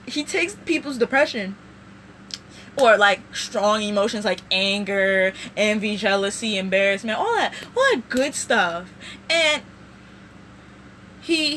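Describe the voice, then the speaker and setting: A woman vlogger recapping a show in casual, rambling, animated storytelling. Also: a little high, slight background noise.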